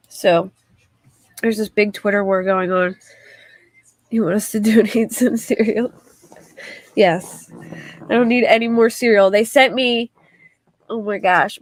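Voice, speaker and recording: A woman's voice: medium pitch, no echo. A woman hosting a casual livestream, chatting in a rambling way and reading viewer comments aloud. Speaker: livestream host.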